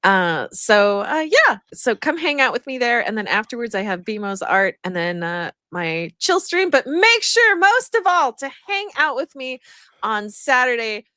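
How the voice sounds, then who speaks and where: A woman tells a story on a live stream, rambling through it with plenty of fillers and bursts of laughter. Her voice sits high and bright. The sound is dry and close. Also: sing-song, a little slow, dry recording. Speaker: guest streamer. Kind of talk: casual storytelling on a livestream.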